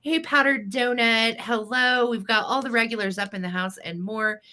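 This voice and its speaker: Upbeat woman host for a live-sale stream, bright voice, chatty and welcoming by name. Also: fairly high pitch, fairly even intonation, moderate pace. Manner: chatty, greets viewers by name. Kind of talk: casual live-stream chat.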